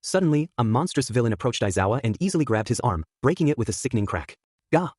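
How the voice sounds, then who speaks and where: A man reading a fan story aloud at a quick clip, with his voice rising and falling. The sound is dry and close, and his pitch sits in an ordinary male middle. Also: big pitch swings, darkish tone, husky, no echo. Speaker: fan fiction reader. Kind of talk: storybook narration.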